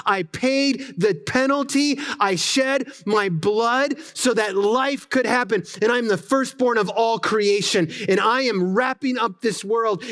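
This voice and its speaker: A man preaching who speaks as a divine savior in first person, making slow, emphatic declarations in a lifted voice. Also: extremely high pitch, a bit bright, pitched above the performer's own voice, full character voice.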